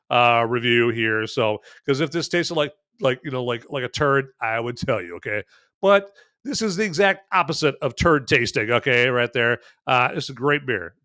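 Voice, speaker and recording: A man's voice: mid-range voice, sharp tone, no echo, clean studio sound. A man hosting a casual movie and beer review show, rambling and enthusiastic, with lots of fillers and repeated tag phrases like "okay?". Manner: enthusiastic and jokey. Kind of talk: casual review chat to camera.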